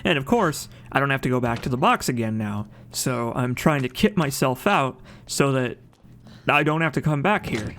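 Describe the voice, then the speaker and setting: A man giving casual, chatty commentary over his own gameplay, excited at times and often stopping to correct himself with a joke. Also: mid-range voice, a little hiss or hum. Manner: chatty, enthusiastic, jokes and corrects himself mid-sentence. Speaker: let's play commentator.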